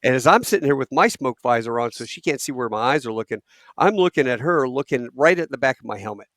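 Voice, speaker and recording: A middle-aged man, voice pitched in the middle, tells a story with lively acted-out quotes. He sounds close and dry on a studio mic. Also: fast talker, no room sound. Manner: animated anecdote telling with acted quotes. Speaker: podcast guest. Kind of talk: casual storytelling.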